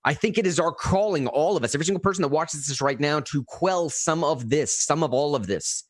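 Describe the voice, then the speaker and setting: A man co-hosting a political podcast, talking emotionally and quickly with many restarts. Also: fairly high pitch, no echo. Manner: emotional, fast, rambling with restarts. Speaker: podcast co-host. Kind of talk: impassioned political commentary.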